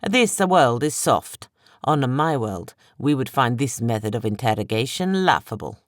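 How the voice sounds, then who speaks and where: An audiobook narrator voicing an arrogant male villain colonel with an Italian-like accent, speaking slowly in a condescending, drawn-out way. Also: medium pitch, big pitch swings, dry recording, studio quality. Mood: haughty.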